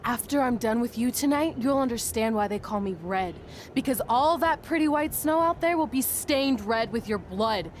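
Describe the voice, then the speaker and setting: A woman's voice: fairly high pitch, lively intonation, normal speed, a little hiss or hum, lightly acted. A woman playing a hotheaded young wrestler. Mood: menacing. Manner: cheerful, flaring into menace. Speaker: wrestling trainee. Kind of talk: video game cutscene acting.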